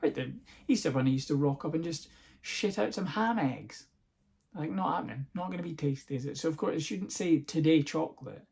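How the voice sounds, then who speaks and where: A man's voice: on the high side, brisk, creaky, darkish tone. A man hosting a podcast, rambling through a casual comic monologue, sarcastic and swearing freely. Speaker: podcast host.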